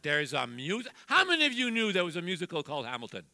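A man's voice: fairly high pitch, wildly swooping pitch, quick pace, vocal fry, few pauses, bright, forceful tone. Jovial older man preaching in a reverberant church. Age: 60s. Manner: jovial, self-deprecating, acts out quoted voices. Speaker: guest preacher. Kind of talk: sermon with family anecdotes. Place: church sanctuary. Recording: long hall reverb.

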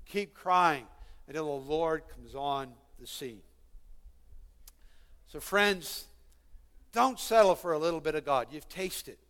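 A man's voice: on the high side, slow pace, pauses often, a bit bright. A man preaching a sermon, earnest and pleading, building to fervent calls to his listeners. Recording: long hall reverb.

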